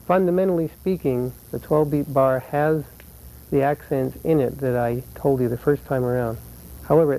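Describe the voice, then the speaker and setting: A man teaching flamenco guitar, explaining rhythm patterns patiently and counting beats aloud slowly. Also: medium pitch, gravelly, mellow, poor audio. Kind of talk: instructional lesson.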